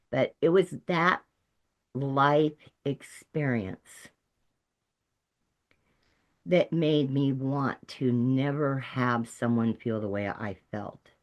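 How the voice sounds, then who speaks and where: A middle-aged woman from Texas, a peer support specialist, giving an earnest and emphatic personal testimony. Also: a bass voice. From Texas, USA.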